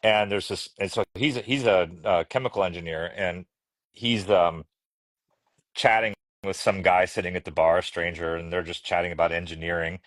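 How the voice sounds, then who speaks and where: A man's voice: low voice, steady tone, moderate pace, fairly bright tone, no echo. A middle-aged man, a children's book illustrator, telling casual anecdotes as a podcast guest, chatty and laughing, often restarting his sentences. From United States. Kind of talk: casual storytelling conversation.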